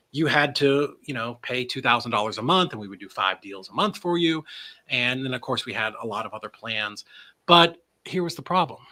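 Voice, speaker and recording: A man, a business owner, pitching his service in a casual, energetic live webinar, often asking "right?" and letting a swear slip. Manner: animated delivery, swears. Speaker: transaction coordination business owner.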